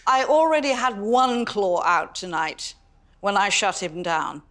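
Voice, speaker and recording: A woman's voice: mid-range voice, a little slow, a bit bright. A woman hosting a dinner party, chatting casually and telling stories in a theatrical, dramatic manner. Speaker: dinner party host and contestant. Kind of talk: casual chat and storytelling.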